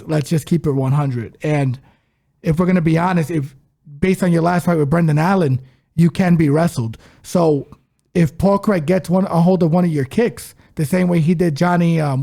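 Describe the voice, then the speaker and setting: Brief: male co-host, dark gravelly voice, emphatic, breaks down fight bets with confidence. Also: on the high side. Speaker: podcast co-host, betting analyst. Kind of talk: casual sports-betting chat.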